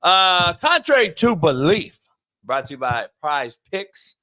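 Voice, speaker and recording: A man hosts a sports talk show in a brash, profane way. His voice is forceful and bright and sits a bit high for a man. He drags some phrases out slowly and rattles others off fast. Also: sing-song. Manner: brash, profane, shifts between drawn-out emphasis and quick bursts. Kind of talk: loud casual sports talk with ad reads.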